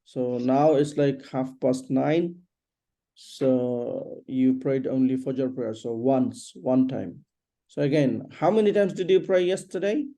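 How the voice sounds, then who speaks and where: Man, English teacher, patient drill questions, deep dark mellow tone. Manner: patient, repeats questions, explains slowly. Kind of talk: one-on-one English lesson drill.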